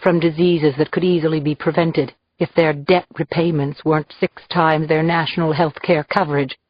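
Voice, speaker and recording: A woman voicing a cold young male killer, deliberate, low voice, muffled dry sound. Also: steady tone, no room sound. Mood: accusing. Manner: accusing, deliberate. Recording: dull, dry lo-fi recording.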